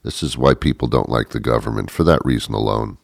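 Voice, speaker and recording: A middle-aged man delivering a rambling, deadpan, self-mocking comic monologue. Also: extremely low pitch, brisk, gravelly, no echo, studio quality.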